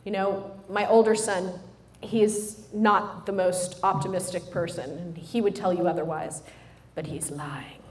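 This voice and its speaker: Middle-aged woman doing a funny pep talk to a crowd, chatty and animated, roomy echoey hall. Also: lowish voice, a little slow. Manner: animated, joking, addresses the audience directly. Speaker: motivational speaker. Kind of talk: humorous motivational talk to a live audience. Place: room with a live audience. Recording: roomy hall sound with faint noise.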